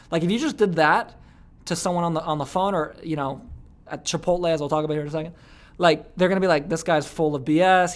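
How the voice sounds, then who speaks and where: Chatty young man teaching sales. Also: a little high. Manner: chatty, repeats words, many okays and likes. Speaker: sales coach. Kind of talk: casual online course talk.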